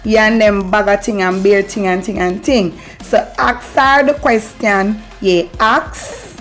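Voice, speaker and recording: A young Jamaican woman vlogging casually as she teaches patois, playful and animated, repeating phrases for effect. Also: mid-range voice, measured pace, faint music behind.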